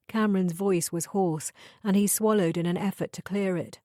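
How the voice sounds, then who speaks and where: A woman reading an audiobook thriller in measured, even scripted narration. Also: lowish voice, no room sound, studio quality.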